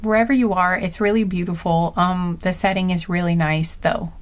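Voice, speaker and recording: A woman giving a casual spoken intuitive reading, gentle and earnest, often searching aloud for the right words. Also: on the low side, steady tone, normal speed. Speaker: intuitive card reader.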